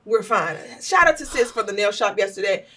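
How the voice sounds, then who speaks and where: A woman co-hosting a casual podcast, jumping in with quick reactions and friendly banter. Her voice is bright, and her pitch swings a lot. She sounds a little distant from the mic. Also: expressive. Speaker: podcast co-host. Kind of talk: casual chat.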